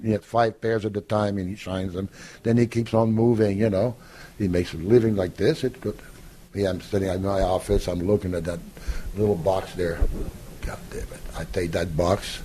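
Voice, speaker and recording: A man's voice: low voice, normal speed, husky. An older man, a podcast guest, telling stories casually and acting out what others said, with frequent laughter. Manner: animated storyteller who acts out quoted lines and laughs often. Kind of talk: casual storytelling in an interview.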